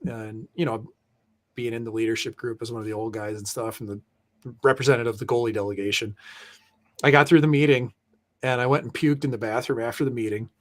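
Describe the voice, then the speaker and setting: A man's voice: mid-range voice, steady tone, fast. A middle-aged man, a former pro goalie, telling loose, profane stories in casual chat and laughing through them. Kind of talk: casual storytelling.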